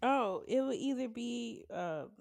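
A woman co-hosting a casual podcast chat, playful and quick to laugh. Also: on the high side, animated, vocal fry, darkish tone. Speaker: podcast co-host.

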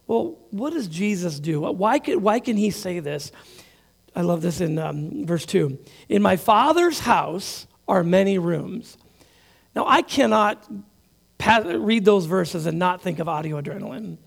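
A man preaching a sermon in a conversational way, with quick asides and repeated words. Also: sits high, lively intonation, vocal fry. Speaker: pastor.

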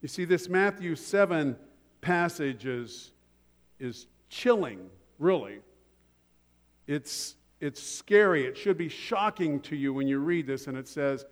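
Pastor preaching with humor, reverberant hall. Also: male voice, a little high, animated, takes it slowly. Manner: conversational preaching with humorous asides. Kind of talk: sermon.

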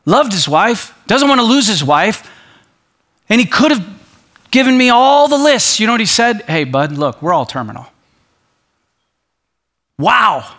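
Bright, high-voiced male pastor preaching. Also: moderate pace. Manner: animated, acts out quoted voices; drops to a soft low voice for emphasis. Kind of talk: sermon.

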